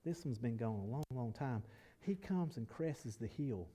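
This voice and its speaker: A male pastor preaching a sermon, swinging between loud emphasis and quiet reflection while calling on the congregation to answer back. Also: medium pitch, expressive, moderate pace.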